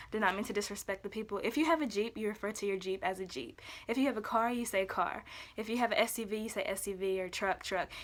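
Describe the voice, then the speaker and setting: A young adult woman vlogger talking casually and quickly to camera, upbeat and full of fillers. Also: mid-range voice, fairly bright tone.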